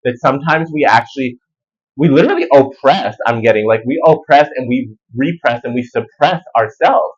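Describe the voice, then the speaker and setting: A man giving a casual spiritual tarot reading, animated and rambling in everyday slang. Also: mid-range voice, moderate pace, breathy edge, dull audio. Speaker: tarot reader.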